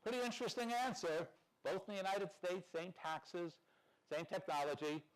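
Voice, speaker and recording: A man's voice: high-pitched, moderate pace, a little hiss or hum, low-quality recording. An older man from New York giving a conference talk, wry and anecdotal, acting out the people in his stories. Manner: wry, storytelling, acts out dialogue. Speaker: conference speaker.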